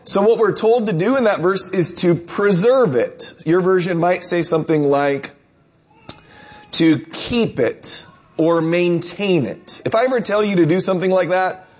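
A man's voice: high-pitched, brisk, hardly any pauses, a little mellow, husky. A man preacher delivering a conversational sermon, telling stories and asking rhetorical questions.

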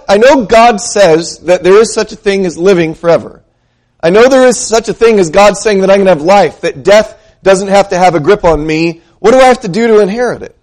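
A man with a fairly high voice delivering a sermon to his congregation. He speaks earnestly, poses questions to his listeners, and drags out the scripture he quotes. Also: a little mellow. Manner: slows down to read scripture aloud. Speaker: pastor.

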